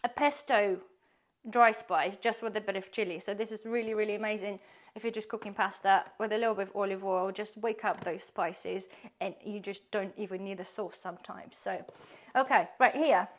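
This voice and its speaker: A woman's voice: mid-range voice, steady tone, normal speed. A woman, giving a chatty, rambling tour of her pantry and laughing often. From UK-based. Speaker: prepping vlogger.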